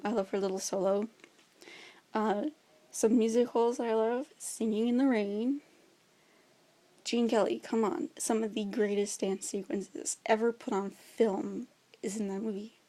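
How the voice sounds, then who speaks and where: Chatty young woman, mellow voice. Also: mid-range voice. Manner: chatty, enthusiastic, many fillers. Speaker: vlogger. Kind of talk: casual chat about favorite movies.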